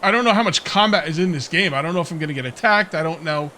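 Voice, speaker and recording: This gameplay let's player talks fast in a slightly high voice, with slight background noise, while playing a survival game. Musing and rambling, he keeps questioning himself, laughing softly between hiccups.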